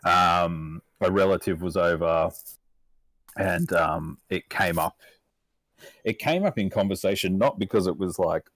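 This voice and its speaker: A deep-voiced Australian man yarns away as a podcast guest, cursing in nearly every line and wandering through his stories. His voice is low and sits dry and close, with no room around it. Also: measured pace, dry recording. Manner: profane, rambling, acts out quotes in animated voices. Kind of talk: casual chat.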